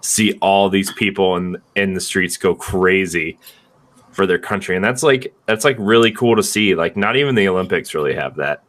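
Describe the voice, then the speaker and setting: A young man with a fairly low voice co-hosts a relaxed podcast chat. He rambles loosely, restarting sentences and leaning on filler words. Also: moderate pace. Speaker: podcast co-host. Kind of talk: casual chat.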